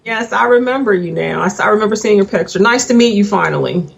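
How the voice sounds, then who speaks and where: A woman's voice: medium pitch, expressive, fast, creaky, highs cut off. A woman chatting casually and teasingly on a video call, laughing often as she talks. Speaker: co-producer and guest. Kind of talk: casual chat.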